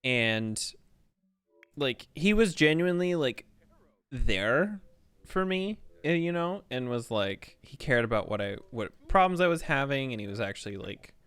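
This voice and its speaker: Smooth-voiced man, rambling streamer chat. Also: medium pitch, lively intonation, unhurried, a bit bright, no echo. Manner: rambling, candid, many fillers and restarts. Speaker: game streamer. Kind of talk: casual chat while streaming.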